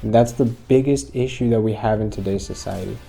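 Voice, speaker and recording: A man's voice: on the low side, brisk, gravelly, dark tone, faint music behind. A man hosting a channel who talks earnestly to his viewers, retelling a story to make a point. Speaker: host. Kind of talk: motivational commentary.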